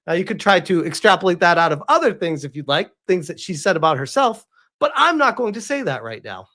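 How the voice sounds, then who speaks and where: A man's voice: sits high, very animated, a little fast, sharp tone. A man giving casual, emphatic commentary as he reacts to a clip, laughing often.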